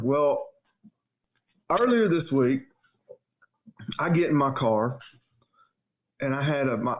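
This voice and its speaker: A man casually telling a story on a podcast and acting out the quotes in a raised voice. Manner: animated storyteller, acts out quotes in a high voice. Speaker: podcast co-host.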